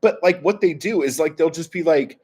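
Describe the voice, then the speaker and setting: A man's voice: fairly high pitch, normal speed, darkish tone, husky. A man hosting a livestream, ranting in a profane, exasperated way and reacting to chat comments. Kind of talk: heated livestream rant.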